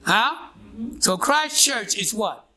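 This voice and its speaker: Speaking slowly, a pastor with a high, pushed, bright voice and lively intonation leads a call-and-response sermon. He keeps prodding the congregation with "what?" and "huh?" and pauses for their responses.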